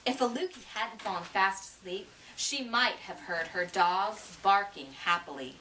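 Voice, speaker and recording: A woman reading a picture book aloud in an expressive way, with dramatic gasps, recorded from a distance with faint noise. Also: mid-range voice, measured pace. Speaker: storyteller.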